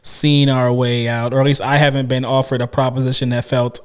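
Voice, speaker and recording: A man's voice: mid-range voice, flat delivery, fairly quick, smooth. A man co-hosting a casual podcast chat, rambling with many restarts and fillers. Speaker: podcast co-host.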